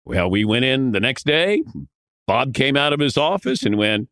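Guest man, veteran broadcaster, lively storyteller, pitch swings a lot, dry close mic. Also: moderate pace, clear, resonant tone, dry recording. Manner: lively storyteller who acts out quotes. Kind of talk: animated anecdote telling.

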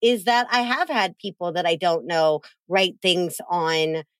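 A woman hosting a podcast in casual chat, animated and acting out quotes in big voices. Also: lowish voice, a little slow, dry recording. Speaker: podcast host.

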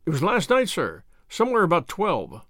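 A man's voice: sits high, wildly swooping pitch, normal speed, a bit bright, dry recording, clean studio sound, heavily acted. A man voicing a flustered, deferential country butler who delivers news in an agitated rush.

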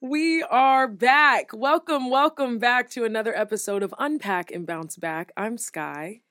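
Animated young woman, high bright voice. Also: unhurried, no echo, clean studio sound. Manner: animated, swears freely, acts out quotes with big pitch jumps. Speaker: podcast co-host. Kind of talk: casual podcast chat.

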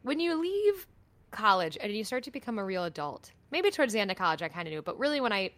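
A young woman co-hosting a podcast, talking casually and warmly about family with many fillers. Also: medium pitch, big pitch swings, fast talker, dry recording. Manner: chatty, lots of fillers like "like". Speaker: podcast co-host. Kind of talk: casual chat.

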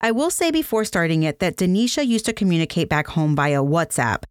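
A woman's voice: on the low side, lively intonation, fairly quick, no room sound, studio quality. A woman hosting a true crime podcast, explaining directly to her listeners. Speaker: podcast host.

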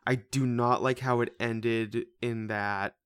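A man's voice: mid-range voice, fairly even intonation, slow pace, a bit bright, smooth, no echo. A man co-hosting a casual movie review podcast, rambling and stumbling over his words as he talks. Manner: rambling, restarts and stammers. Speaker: podcast co-host.

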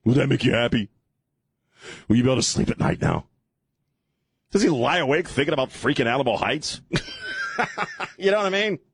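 A male talk radio host ranting in a loose, irreverent way and often breaking into laughter. His voice is husky, and his pitch jumps around a lot. The studio sound is dry, with no room echo. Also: huge pitch swings, normal speed, pauses often.

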